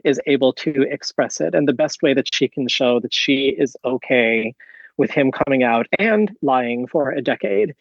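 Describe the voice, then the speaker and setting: A man's voice: medium pitch, normal speed, vocal fry, no room sound, muffled recording. A man in casual podcast chat, thoughtful and hedging his points as he talks. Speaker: podcast co-host.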